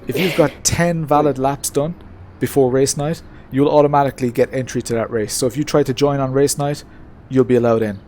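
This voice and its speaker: A man chatting casually on a live stream from his home racing setup, relaxed and talkative, answering chat with many hesitations. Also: mid-range voice, brisk, hardly any pauses, slight background noise. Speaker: streamer racing in a sim-racing league.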